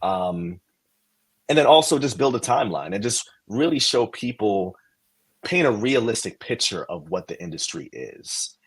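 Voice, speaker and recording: A man's voice: lowish voice, animated, moderate pace, husky, poor audio. A man, a podcast guest, casually and animatedly explaining career steps, posing questions as he goes.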